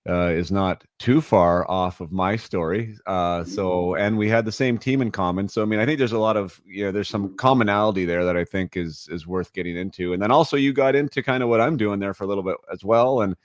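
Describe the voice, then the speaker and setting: Low-voiced man hosting a hockey podcast. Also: fairly quick, hardly any pauses, dry recording, clean studio sound. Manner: rambling, informal, with many restarts. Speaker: podcast host. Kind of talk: casual podcast interview.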